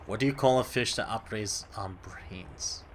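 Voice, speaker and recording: A man commenting as he plays a story game, jokey and excitable, often laughing at himself. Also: fairly low pitch, moderate pace, slight background noise. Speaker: gameplay commentator. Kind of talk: let's play commentary.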